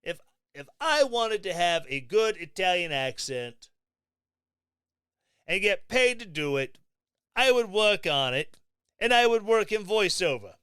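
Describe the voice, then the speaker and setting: A man hosting his own podcast, giving sarcastic, mocking political commentary in a casual, animated way. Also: high voice, unhurried, pauses often, clear, resonant tone, no room sound, studio quality. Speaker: podcast host.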